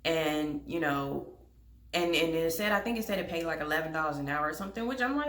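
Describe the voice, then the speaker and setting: A woman's voice: low-pitched, brisk, fairly bright tone, reverberant. A young woman telling a story to camera in a blunt, exasperated way, swearing freely. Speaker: vlogger.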